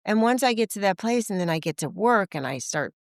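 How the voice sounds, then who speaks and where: Animated woman acting out her own stories. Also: mid-range voice, fairly quick, no room sound, clean studio sound. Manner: animated, acts out quoted dialogue in voices; frequent filler "like". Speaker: guest. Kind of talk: casual conversational storytelling.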